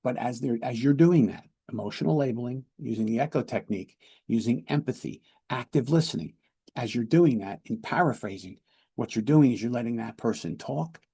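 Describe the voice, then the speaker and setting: A police lieutenant teaches de-escalation in a plain lecture style, often doubling his words and asking "right?". His voice is gravelly, husky and dark in color, and his pitch sits in a middle range. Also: a little fast. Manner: explanatory, repeats words and checks in with "right?". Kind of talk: training lecture.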